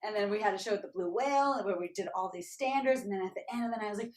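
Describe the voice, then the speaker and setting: Rich: A woman interview guest tells her stories with lively energy. She breaks into scatted rhythm syllables again and again to show the beats she hears. Her pitch is mid-range for a woman. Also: fast, hardly any pauses. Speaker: guest, tap dancer. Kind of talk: animated storytelling in an interview.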